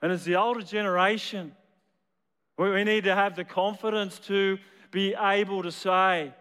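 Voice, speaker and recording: High-voiced preacher telling a story. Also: male voice, fairly even intonation, moderate pace, a bit bright, clear, resonant tone, in a large hall. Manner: storytelling, repeats words as he builds. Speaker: pastor. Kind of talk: sermon.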